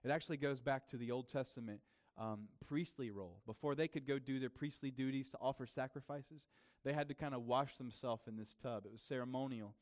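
A man's voice: mid-range voice, fairly even intonation, fairly quick. A man preaching a sermon as pastor, in a casual, conversational way with frequent fillers and restarts.

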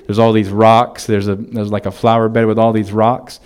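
A man in his thirties preaching a sermon as pastor, telling stories in a relaxed, conversational way with frequent restarts. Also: lowish voice, moderate pace, clean tone.

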